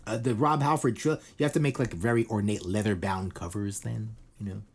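This podcast host is a middle-aged man whose lowish voice stays steady and brisk. On his casual news chat show he wanders off topic with irreverent rambling, cursing and leaning on fillers like "like" and "you know."

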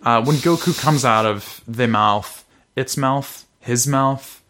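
Male co-host, playful joker, mid-pitched voice, relaxed chat. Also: takes it slowly. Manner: joking, silly, playful asides. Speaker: podcast co-host. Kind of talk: casual chat.

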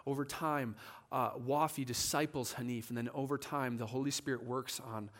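A man's voice: medium pitch, moderate pace. A man preaching a sermon in a church, telling a story with animation and acting out the voices of the people in it. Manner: animated, acts out quoted voices.

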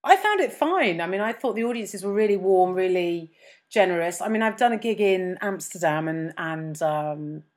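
A woman co-hosting a podcast, talking casually in a relaxed, meandering way with frequent ums. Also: fairly low pitch, moderate pace. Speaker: co-host. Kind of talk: casual chat.

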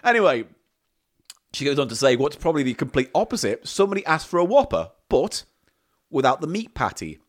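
A man's voice: fairly high pitch, very animated, a little fast. A man hosting a comedy podcast, reading out listener letters in a dry, sardonic and sweary way. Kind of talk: casual comedy chat.

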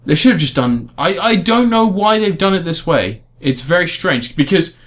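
A man's voice: sits high, normal speed. A man in casual podcast chat, reviewing a game in a rambling way with frequent restarts. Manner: rambling, restarts often, animated emphasis.

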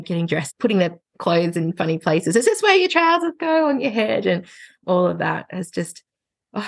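A woman speaks as a podcast guest, her voice low with a gravelly fry. She tells animated stories about her family and laughs often. The recording is dry and close. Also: no echo. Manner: lively storytelling, laughing often. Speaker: guest, parenting educator. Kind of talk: casual podcast conversation.

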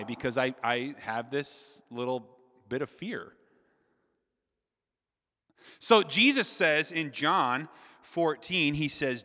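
A man in his forties preaching a sermon, telling a comic childhood story and speaking directly to the crowd. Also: a little high. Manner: animated, addresses the crowd directly. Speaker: pastor. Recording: long hall reverb.

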